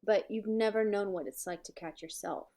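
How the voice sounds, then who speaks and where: A woman's voice: mid-range voice, normal speed, warm tone. A woman in her thirties co-hosting a podcast, talking emphatically and reflectively, full of "like". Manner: emphatic, reflective, says "like" a lot. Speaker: producer and co-host. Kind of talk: casual chat.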